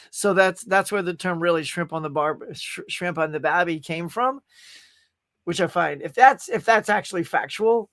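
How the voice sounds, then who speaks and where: High-pitched guy rambling thru his live stream chat, lots of restarts, dry close mic. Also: dry recording. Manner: rambling, animated, full of restarts. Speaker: livestream host. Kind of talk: casual live chat reading comments.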